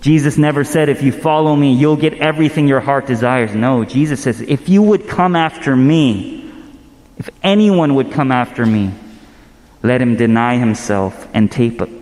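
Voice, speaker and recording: A man in his thirties preaching a sermon, casual and animated, telling stories with quick asides. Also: medium pitch, in a large hall. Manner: conversational, animated storytelling with asides. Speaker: pastor.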